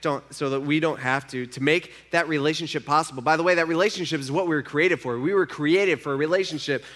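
Man, pastor, sermon, somewhat high voice, conversational, shifts between hushed and emphatic. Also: quick pace.

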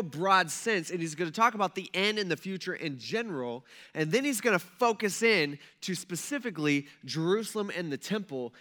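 Young guy preaching, kinda high bright voice, chatty, keeps asking "right?". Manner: animated, acts out quotes, frequent "right?" and "like". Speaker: pastor. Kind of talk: casual conversational sermon.

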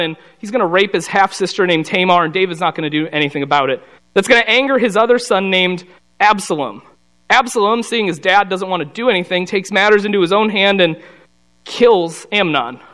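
High-voiced man teaching casually. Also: fairly bright tone. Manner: conversational storytelling, slips into quick voices for the characters. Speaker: Bible study teacher.

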